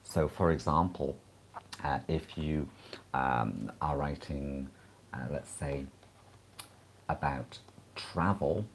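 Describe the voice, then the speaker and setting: Male English tutor, very low and unhurried, steady explanatory delivery for a live-streamed lesson. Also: slight background noise. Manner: explanatory, measured, frequent "uh" pauses. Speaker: English exam teacher.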